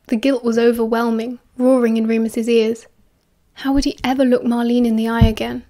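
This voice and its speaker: A woman with a British accent reading a novel aloud as audiobook narration, dropping softly into hushed voices for the dialogue. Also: fairly high pitch, little pitch movement, brisk. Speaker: fan audiobook reader.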